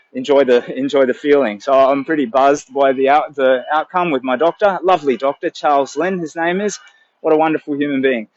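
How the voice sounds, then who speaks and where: An older Australian man talks to his phone camera outdoors, rambling and emotional, often restarting his sentences. The sound is dull and lo-fi, and dry with no room echo. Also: fairly high pitch. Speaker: charity walker vlogger. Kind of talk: casual live-stream chat. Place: outdoors in a city.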